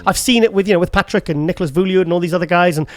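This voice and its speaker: A man's voice: high voice, very fast, dry recording. A man hosting a podcast, chatty and joking with his co-host. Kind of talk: casual chat.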